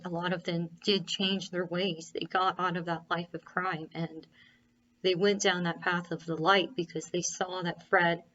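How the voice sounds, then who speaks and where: A woman's voice: fairly low pitch, a bit bright, highs cut off, slight background noise. A woman author talking casually about her character, rambling with many fillers and restarts. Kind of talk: casual monologue.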